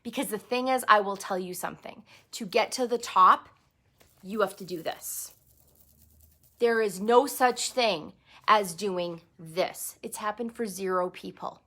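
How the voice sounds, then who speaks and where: A woman's voice: medium pitch, unhurried, sharp tone. A woman giving a candid, emphatic motivational talk to her sales team, with fillers and mild swearing. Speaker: direct sales team leader.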